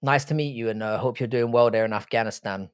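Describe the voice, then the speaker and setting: A man's voice: medium pitch, fast talker, clear, resonant tone. A young man, Irish but raised in London, with a London accent, casually hosting a live stream and answering chat in a blunt, sardonic, sweary way. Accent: London English. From Ireland, raised in London. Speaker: livestream host reading chat.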